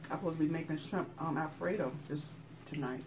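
A woman's voice: low voice, fast, noisy background. A woman with a Southern US accent chatting casually as she eats on camera, talking through bites and laughing often. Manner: chatty, laughing, talks while chewing. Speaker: mukbang channel host. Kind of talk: casual chat while eating.

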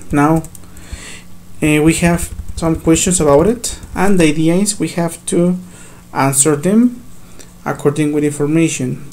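A man whose first language is Spanish, teaching an English grammar lesson slowly, step by step, with fillers. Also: a little high, a little mellow. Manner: slow, step-by-step explaining with fillers.

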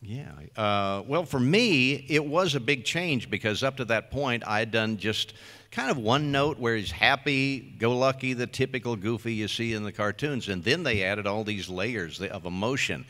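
A man's voice: medium pitch, normal speed, pushed and bright. An older man, a voice actor on a convention panel, telling recording stories in an easygoing, self-deprecating way. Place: large convention hall. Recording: reverberant hall through PA.

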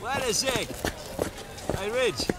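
A man's voice: very high voice, slow pace, very noisy. A man with an Australian accent playing a sacked former cricket commentator, eager and wheedling as he begs for his job back. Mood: pleading. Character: sacked male ex-commentator begging for work.

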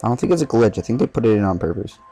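Brief: man, low voice, casual jokey game commentary with trash talk. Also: big pitch swings, rapid-fire, dark tone, faint music behind. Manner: joking, trash-talking, reactive. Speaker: gameplay commentator.

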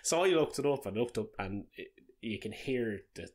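A man co-hosting a casual podcast chat. His voice sits low with a husky edge, and he tells stories in an animated way, often breaking into laughter. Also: moderate pace. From Ireland. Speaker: podcast co-host.

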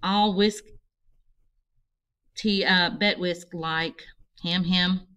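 Woman reading halting harpooner man, broken words, slow, bright tone; audiobook. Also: on the low side, fairly even intonation, clean tone, dull audio. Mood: faltering. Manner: faltering, groping for words.

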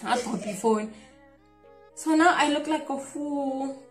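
A young South African woman in casual storytime chat, animated and mixing Zulu phrases into her English as she acts out what was said. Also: high-pitched, slow. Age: young adult. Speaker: vlogger telling a story. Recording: echoey room, background music.

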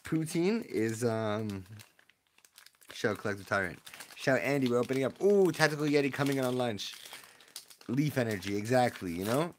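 Male streamer, mid-pitched, chatty and excitable, casual live-stream host. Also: moderate pace, slight background noise. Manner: excitable, chatty, talks to viewers. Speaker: streamer opening card packs.

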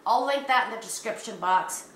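A Canadian woman in her fifties, a crochet vlogger, chatting casually on camera and gushing with excited, breathless giggles. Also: fairly high pitch, moderate pace, a little hiss or hum. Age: 50s. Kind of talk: casual vlog unboxing. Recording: echoey room.

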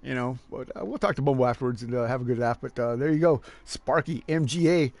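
A man giving casual, joking commentary on an online sim race, excitable and quick to laugh. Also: medium pitch, creaky. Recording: noisy background.

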